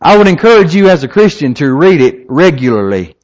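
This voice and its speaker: Lively, high-pitched male preacher. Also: fairly quick. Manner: emphatic, lively preaching with rhetorical questions. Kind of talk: evening sermon. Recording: slightly dull lo-fi recording.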